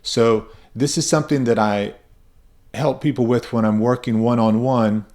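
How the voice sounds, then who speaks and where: A man's voice: mid-range voice, fairly even intonation, moderate pace, a little mellow. Patient male pronunciation teacher. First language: English. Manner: patient, demonstrates sounds by repeating them. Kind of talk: explanatory lesson with spoken examples.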